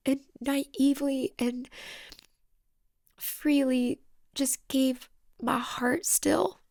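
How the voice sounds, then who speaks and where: A woman hosting a solo podcast, speaking in a raw, emotional, halting way and sometimes dropping into whispers. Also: high voice, vocal fry, a little mellow, no echo, studio quality. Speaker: podcast host.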